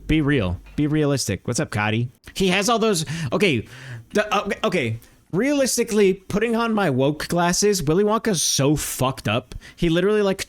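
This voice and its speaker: A man streaming live, riffing in loose, rambling comedy bits and reacting to chat. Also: on the high side.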